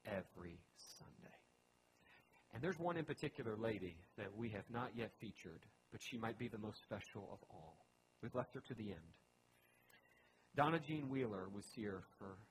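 A man's voice: on the low side, slight background noise, poor audio. A man pastor giving a conversational sermon, earnest and emphatic, often restarting his phrases.

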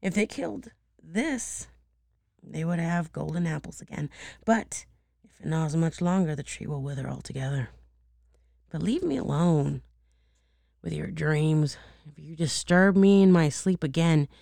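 Woman doing a gruff hoarse devil. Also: deep voice, a little slow, long pauses, mellow, dry recording, clean studio sound. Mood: grumbling. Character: grumpy male devil, suspicious and short-tempered.

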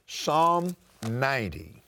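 A man's voice: medium pitch, sing-song, very slow, vocal fry, sharp tone. An older man with a Southern US accent, preaching a sermon and reading scripture aloud with dramatic swings in his voice.

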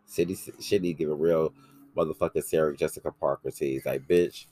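Very deep-voiced man, brash and profane. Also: moderate pace, dry recording. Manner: brash, profane, animated storytelling. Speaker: podcast host. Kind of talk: casual chat.

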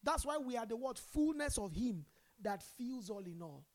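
A Nigerian woman preaching a sermon, calling on the congregation to respond and swinging between loud emphasis and quiet asides. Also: fairly high pitch, sing-song, normal speed. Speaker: pastor.

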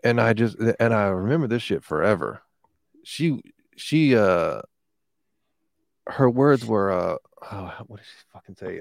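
Deep-voiced man telling a rambling story. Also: lively intonation, a little slow, gravelly, dry recording, clean studio sound. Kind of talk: casual chat.

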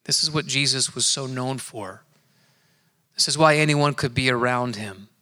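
A man preaching a sermon in a church, telling his own story in an earnest, conversational way and slowing down to stress key words. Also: medium pitch, sharp tone. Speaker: pastor. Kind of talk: sermon with personal testimony. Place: church sanctuary. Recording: long hall reverb.

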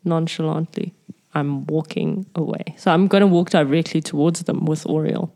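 A woman's voice: sits low, steady tone, moderate pace, dark tone. A woman playing a tabletop game, stating her character's moves in a matter-of-fact way. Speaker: player. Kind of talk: casual tabletop game talk.

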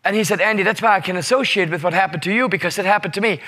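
His voice is high, pushed and bright, and he races along while telling the room a story. As a leadership seminar presenter, he stays emphatic, repeats words, and keeps asking "right?"

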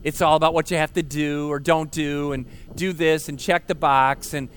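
Man, pastor, outdoor sermon, emphatic, rhetorical questions, slightly high voice, faint background ambience. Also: fairly even intonation, moderate pace, slight background noise. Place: outdoor park service.

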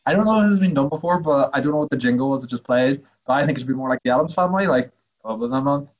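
A man's voice: mid-range voice, rapid-fire. Guy co-hosting a podcast over a call, teasing, kinda muffled audio. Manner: teasing, playful. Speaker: podcast co-host. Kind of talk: casual chat.

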